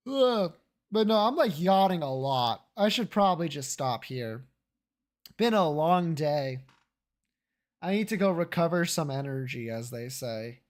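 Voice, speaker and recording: A game streamer in casual chat with viewers, joking and swearing freely. The speech is slow and drawn out. The pitch swings in a lively, animated way.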